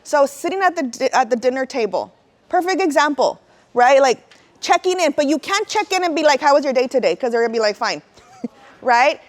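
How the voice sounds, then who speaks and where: A woman's voice: sits high, animated, a little fast. A middle-aged woman giving a casual, heartfelt talk to parents, full of "right?" and emotional asides.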